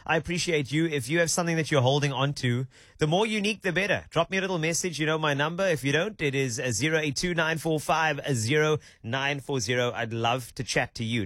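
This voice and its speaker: Male radio host, lively chat, slightly high voice, very dry studio sound. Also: a little fast, no echo. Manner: animated, laughs often, repeats words.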